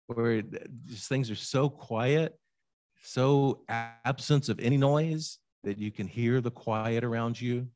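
A man preaching a sermon in a conversational, animated way, sometimes dropping to a near hush and asking listeners direct questions. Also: medium pitch, dry recording, clean studio sound. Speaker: pastor.

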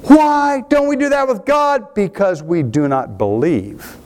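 A man preaching a sermon, animated, swinging between emphatic and quieter passages. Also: sits high, unhurried. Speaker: pastor.

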